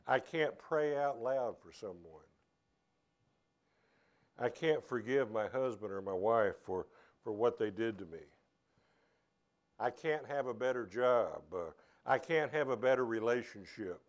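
A man's voice: mid-range voice, expressive. Earnest male pastor preaching a sermon. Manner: earnest, halting, with many repeated starts. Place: church.

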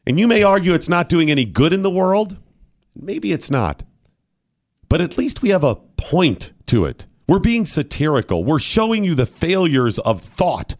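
A man's voice: on the high side, sing-song, normal speed, no echo, studio quality. A male radio host giving argumentative, opinionated commentary and firing off rhetorical questions.

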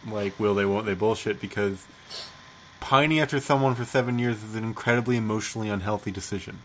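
A man's voice: on the low side, fast, slight background noise, rough recording. A man co-hosting a podcast, talking bluntly and emphatically with a lot of swearing. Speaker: podcast co-host. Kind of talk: casual chat.

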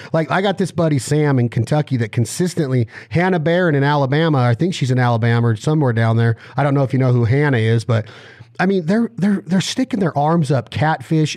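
A man hosting a casual interview, teasing and rambling through rapid-fire questions. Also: medium pitch, a little mellow, no room sound, clean studio sound. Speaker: podcast host.

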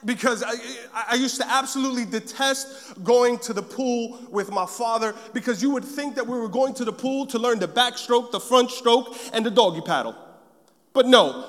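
A man with a very high voice preaches to a congregation. He tells a personal story with lively, acted-out moments. His voice rings with the long reverb of a large hall. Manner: animated storytelling, acting out scenes.

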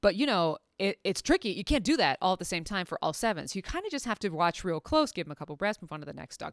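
A middle-aged woman, a veterinary anesthetist, telling a story in an animated, chatty way full of fillers and restarts. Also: fairly low pitch, fast talker, few pauses, no room sound, studio quality. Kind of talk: casual storytelling.

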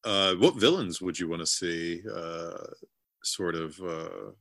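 A man co-hosting a casual chat, speaking haltingly with frequent uh fillers. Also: deep voice, creaky, fairly bright tone, dry recording. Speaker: podcast co-host.

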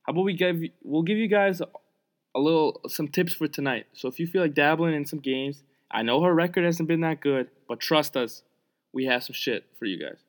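A man's voice: a little high, fairly quick. A young man from Croatia co-hosting a podcast, casually joking and teasing about sports betting with crude humor. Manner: joking, teasing, profane banter. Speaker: podcast co-host.

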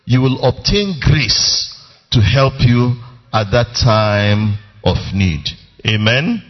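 A man's voice: medium pitch, animated, takes it slowly. Emphatic preacher man in a reverberant hall. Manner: emphatic, calls for congregation response. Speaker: pastor. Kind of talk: sermon. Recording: reverberant lo-fi church recording.

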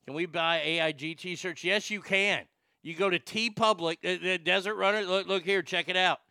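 A man hosting a comedy show, ranting crudely and making a prank call, excitable, profane and full of stammered restarts. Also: sits high, normal speed, smooth, no echo, clean studio sound.

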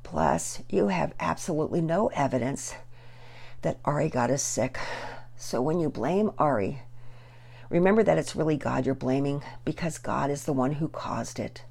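A woman's voice: low-pitched, normal speed, gravelly, a little mellow, breathy edge, full character voice. A woman as a devout, earnest father. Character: devout, gentle sick father teaching his children.

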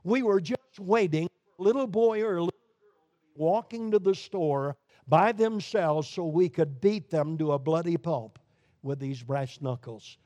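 A man's voice: a little high, moderate pace, no echo. Emphatic male preacher, dry sound. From Brooklyn, New York. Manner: emphatic preaching with sharp rises and drops in volume. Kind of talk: sermon.

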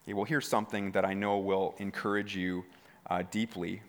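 A man's voice: deep voice, level tone, brisk, long reverb tail. A man preaching a sermon to his congregation. He often restarts his words and asks the listeners direct questions. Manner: repeats words, stammering restarts; talks straight to the congregation with questions. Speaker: pastor. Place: church hall.

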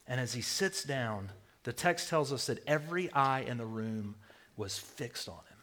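A man preaching a sermon, swinging between loud declarations and hushed near-whispers. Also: mid-range voice, lively intonation, a little slow. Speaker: pastor.

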